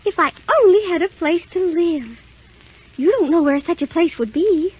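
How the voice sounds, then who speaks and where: Timid, kind young princess for a vintage radio play: very high, unhurried, sweet and pleading, dull old broadcast sound. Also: female voice, expressive, very noisy. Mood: gentle pleading. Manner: sweet, earnest, softly pleading. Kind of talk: 1930s radio drama acting.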